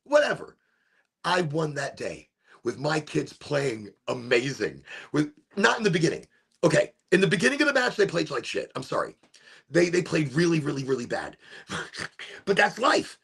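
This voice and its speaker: Very raspy, gravelly man telling a story. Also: fairly high pitch, big pitch swings, normal speed, a bit bright. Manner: rambling storytelling with frequent laughs. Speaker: podcast host and youth soccer coach. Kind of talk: casual chat.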